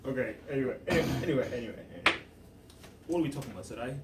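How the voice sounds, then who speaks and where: Young dude running the podcast, bouncy pitch, echoey and noisy room. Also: male voice, rapid-fire. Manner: playful, lively, leads the talk. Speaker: podcast host. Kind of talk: casual chat. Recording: echoey room from far off, with noise.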